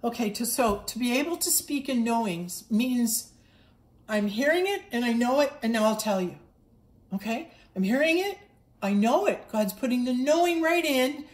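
A woman's voice: fairly high pitch, animated, moderate pace. Earnest spiritual woman in an echoey room. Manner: earnest, repetitive, stumbling restarts. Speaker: spiritual livestreamer. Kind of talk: impassioned spiritual monologue.

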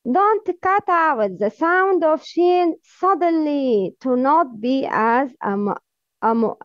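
This Quran recitation teacher, a woman with a high voice, works slowly and patiently through pronunciation, demonstrating each letter by repeating it and then correcting wrong versions against right ones. There's no room sound; the recording is dry and a bit dull.

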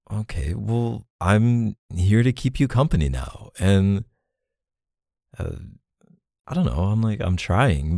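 A man's voice: deep voice, creaky, mellow, dry recording, clean studio sound, full character voice. A man voicing a defensive boyfriend in a jealous argument, in a whispered role-play, pleading and flustered, sighing often. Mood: worried.

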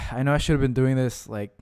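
A young man hosting a gaming channel, giving let's-play commentary with excitable yells, laughter and constant "dude"s. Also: mid-range voice, moderate pace, clear, resonant tone, dry recording, clean studio sound.

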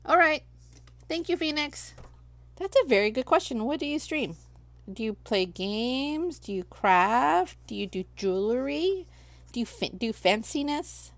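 A woman with a fairly high voice and a gravelly edge talks slowly and casually as she crafts on a livestream. She muses aloud to herself and answers her chat in a relaxed, chatty way. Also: no room sound.

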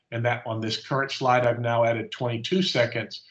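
A man presenting at a conference, walking through a live software demonstration step by step in a casual, explanatory way. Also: medium pitch, level tone, normal speed. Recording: slightly dull lo-fi audio.

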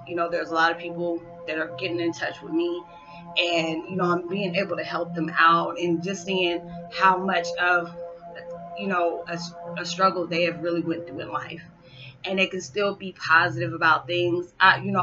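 A woman's voice: on the low side, level tone, normal speed. A young woman vlogging heartfelt spiritual encouragement to her viewers, hyper and rambling, close to tears at times. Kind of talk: heartfelt motivational talk to viewers. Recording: slightly dull lo-fi sound with faint background music.

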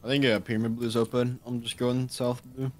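A man's voice: mid-range voice, level tone, a little fast. A man playing a game with a friend, talking in a loose, joking way full of slang and calling him "bro.". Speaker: teammate. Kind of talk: casual gaming chat.

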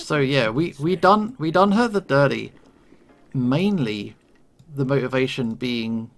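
A man's voice: mid-range voice, vocal fry, fairly bright tone. A man giving rambling, casual commentary while playing a story game, stumbling over words with chuckling asides. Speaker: gaming video creator. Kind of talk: let's play commentary. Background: faint game music.

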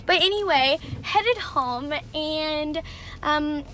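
A woman's voice: high-pitched, drawn-out words, fairly bright tone, slight background noise. A teenage girl chatting casually in a vlog, swearing a lot, filmed on a phone in her car. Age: teens. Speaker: vlogger. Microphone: phone camera.

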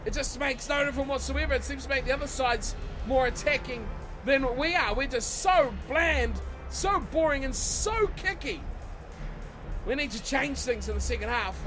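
A man giving excitable let's-play commentary on a rugby video game, swearing and yelling at his own team. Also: very high-pitched. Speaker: gaming channel host. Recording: game music playing behind the voice.

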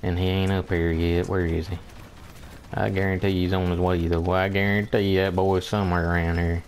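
A man's voice: low-pitched, little pitch movement, normal speed, a little hiss or hum. A man giving casual gameplay commentary, grumbling in disbelief, repeating himself and chuckling, with folksy mild oaths.

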